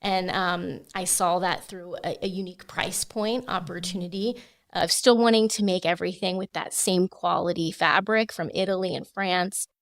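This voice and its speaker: A woman's voice: on the low side, fairly even intonation, no room sound, clean studio sound. Polished designer woman in her thirties. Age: 30s. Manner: measured, polished, with many fillers. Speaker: fashion designer guest. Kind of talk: podcast interview.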